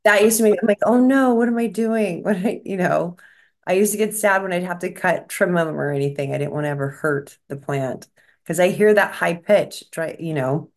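A woman's voice: fairly low pitch, moderate pace. A woman talking as a psychic medium in casual chat, rambling and restarting as she relays what she is shown.

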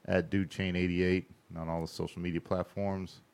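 A man's voice: low-pitched, level tone, normal speed, a little mellow, clear, resonant tone. A man co-hosting a podcast, laid-back in casual chat, reading out the sign-off. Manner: laid-back, wraps up the show. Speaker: podcast co-host.

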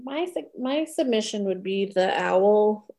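A woman's voice: medium pitch, expressive, measured pace, gravelly, mellow. A woman co-hosting a podcast in casual chat, talking in a chatty way, laughing often and acting out her own reactions. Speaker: podcast co-host.

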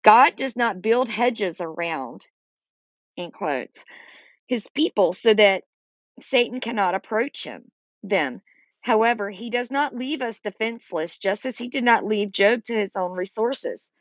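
A woman's voice: medium pitch, lively intonation, a little slow, no room sound, highs cut off. A woman leading a Bible study, reading scripture aloud and explaining it in plain words with small fillers. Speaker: Bible teacher.

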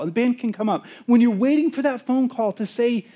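A male pastor preaching a sermon, sometimes singing hymn lines, excitable and then softening into prayer. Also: very high voice, moderate pace, few pauses. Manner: exuberant, rising to near-shouts of joy; lapses into soft, intimate prayer.

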